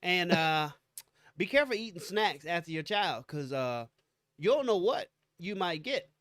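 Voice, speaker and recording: A man with a notably high voice, co-hosting a casual podcast. He tells playful stories and slips into quick put-on voices for quotes. The sound is dry and close. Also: sing-song, fairly bright tone, dry recording. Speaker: podcast co-host. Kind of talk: casual chat.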